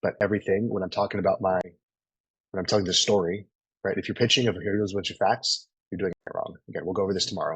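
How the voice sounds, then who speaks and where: A man's voice: sits low, husky, dry recording, low-quality recording. A man in his thirties coaching a group in a live online training, casual and profane, always checking in with "right?". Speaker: sales coach.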